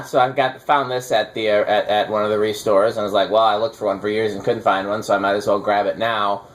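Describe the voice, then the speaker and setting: A man hosting a casual chat while testing ceiling fans, rambling and teasing with lots of fillers. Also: on the low side. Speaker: fan collector host. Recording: faint background noise.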